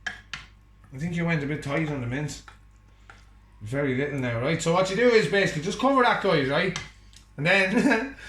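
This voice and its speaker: A bright, lively Irish man jokes his way through cooking at home and teases someone off camera. His voice sits a little high and swings up and down a lot. He sounds like he is in an echoey kitchen. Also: slight background noise. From Ireland. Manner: chatty, joking banter with an off-camera partner. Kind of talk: casual chat while cooking.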